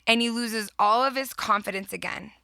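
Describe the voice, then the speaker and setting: Bright, enthusiastic woman podcast host. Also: a little high, vocal fry, no room sound. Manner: enthusiastic, heartfelt, quick storytelling. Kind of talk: casual reflective podcast talk.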